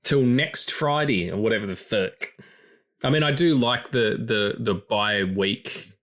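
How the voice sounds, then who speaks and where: A man with a fairly low, fairly bright voice speaks at a measured pace while co-hosting a film podcast. He isn't from his co-host's country, and his casual talk rambles profanely from one tangent to the next.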